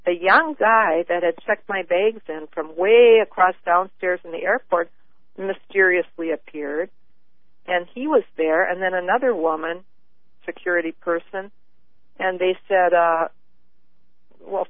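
A woman caller tells her story over a tinny phone line, her voice squeezed thin and narrow. She talks earnestly in halting bursts, often restarting her sentences, and the sound is dry with no room around it. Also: fairly low pitch, fairly even intonation, dry recording. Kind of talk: call-in radio chat.

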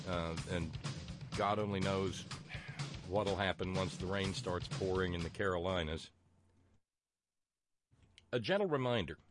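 A man with a Southern US accent from West Virginia, hosting a radio talk show in a folksy, rambling way with many fillers and restarts. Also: on the low side.

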